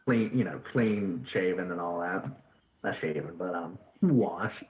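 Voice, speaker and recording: A man narrates a tabletop game as dungeon master, rambling with lots of fillers in a low, unhurried voice. The voice-chat line sounds echoey and tinny, with slight background noise.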